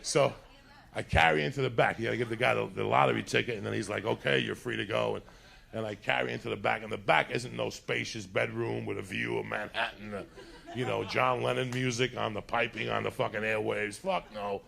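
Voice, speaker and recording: A man doing stand-up, telling a rambling, profane story in casual talk and acting out other people's lines, a little high. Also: steady tone, fairly quick, vocal fry, fairly bright tone. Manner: acts out other people's lines in put-on voices. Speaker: stand-up comedian.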